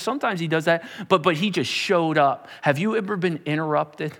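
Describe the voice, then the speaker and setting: A man's voice: a little high, normal speed, hardly any pauses, fairly bright tone, in a large hall. A man preaching a sermon, telling the story with animation and repeating words as he builds. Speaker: pastor.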